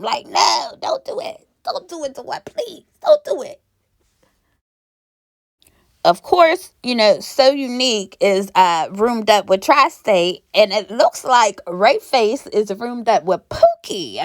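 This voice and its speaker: A woman's voice: sits high, no room sound, clean studio sound. A young woman from Pennsylvania recapping a reality show in a sassy, gossipy, casual way, laughing often.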